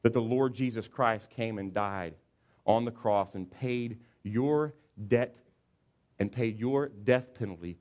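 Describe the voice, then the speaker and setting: A man preaching a sermon as pastor, telling a story with animated, acted-out asides. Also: mid-range voice, slow. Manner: animated storytelling, acts out football players.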